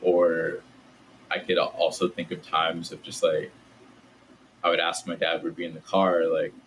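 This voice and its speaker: A man, a podcast guest, telling childhood stories in a relaxed way, full of "like" fillers. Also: sits low, unhurried, slight background noise, rough recording. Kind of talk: casual storytelling.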